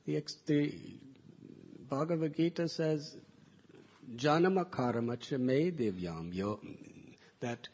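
A man slowly telling sacred stories to listeners, softly drawing out each phrase. His voice is gravelly and very husky. The recording sounds dull and lo-fi. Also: a little high. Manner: slow, soft-spoken, drawn-out phrasing. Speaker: spiritual teacher. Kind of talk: devotional storytelling talk.

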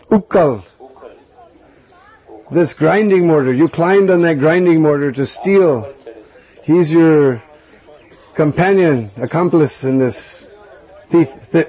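A man's voice: fairly high pitch, takes it slowly, long pauses, dark tone, dull audio. A man voicing an angry mother scolding her naughty little boy, in a stern, lecturing way.

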